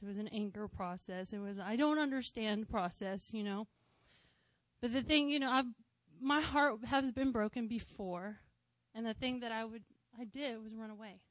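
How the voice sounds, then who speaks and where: A woman in her thirties gives a conversational sermon testimony, speaking from the heart with a bit of gentle humor woven in. Her voice sits fairly high, and the recording is close and dry, with almost no room sound. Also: moderate pace, no echo. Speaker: church speaker sharing testimony.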